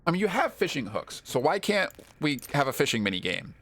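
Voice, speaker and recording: A man's voice: on the high side, sing-song, brisk, few pauses, fairly bright tone. A man streaming a video game, chatting casually with rambling, self-deprecating asides and frequent laughs.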